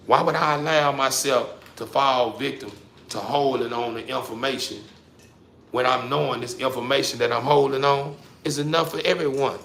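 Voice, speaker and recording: A man giving a preachy motivational rant straight to the listener, repeating his points and swinging from low muttering to loud emphatic bursts. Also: gravelly, slight background noise. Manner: preachy, addresses listener directly, repeats himself. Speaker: social media commentator. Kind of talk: motivational street-talk rant.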